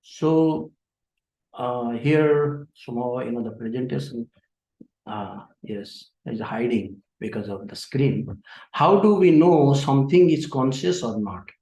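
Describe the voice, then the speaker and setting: Halting man lecturing in an echoey hall. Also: medium pitch, warm tone. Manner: halting, with frequent "uh" and "you know" fillers. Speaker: conference presenter. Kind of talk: conference introductory lecture.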